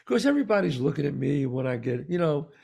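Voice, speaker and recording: Male podcast co-host, casual storyteller: gravelly, slightly high, emphatic repeats. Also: big pitch swings, fast talker, a little mellow. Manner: emphatic, repeats words for stress.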